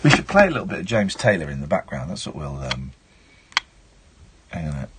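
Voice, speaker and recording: A man's voice: extremely low pitch, sing-song, fast, long pauses, a bit bright, slight background noise. A man hosting a late-night radio show, reading a book aloud on air and breaking off for playful asides. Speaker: radio host. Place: radio studio. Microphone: studio microphone.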